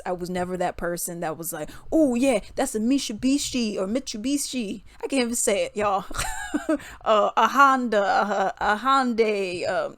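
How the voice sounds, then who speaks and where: A young adult woman vlogger with a medium-pitched voice, recorded at studio quality with no echo, shares a casual story with her viewers. Her talk is relaxed storytime and reaction commentary, chatty and full of laughter.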